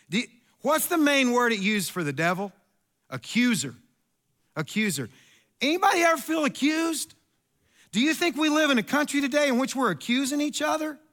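A middle-aged man, preaching a sermon in an animated, storytelling way with asides and repeats. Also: high-pitched. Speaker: pastor.

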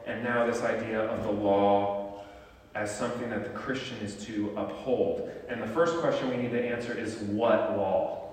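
A male pastor at a mid pitch delivers a teaching sermon, building his points through repeated rhetorical questions. He sounds distant from the microphone, and his voice rings with a long, echoing reverb from the sanctuary. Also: a little hiss or hum. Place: church sanctuary. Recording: echoey hall from far off.

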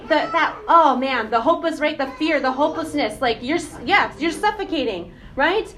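A woman giving a casual, animated sermon, often asking the congregation questions. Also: high voice, moderate pace, few pauses. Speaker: preacher.

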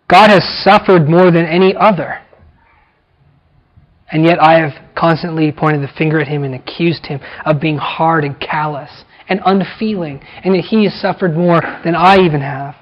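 A man preaching a verse-by-verse sermon in a fairly high voice. He drives his points home by repeating words and phrases, and he slows right down on the lines he wants to land. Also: steady tone, dull audio. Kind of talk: expository sermon.

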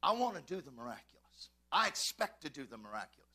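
A male pastor preaching fervently in a church, swinging from shouts to quiet asides and calling out to his congregation. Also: a little high, very animated, fast. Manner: addresses congregation, calls and repeats. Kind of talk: preaching a sermon.

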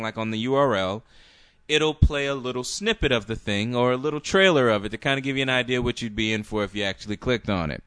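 Animated man in casual profane chat. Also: mid-range voice, smooth, dry recording, studio quality. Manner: animated, profane, rambling with restarts. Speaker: podcast co-host.

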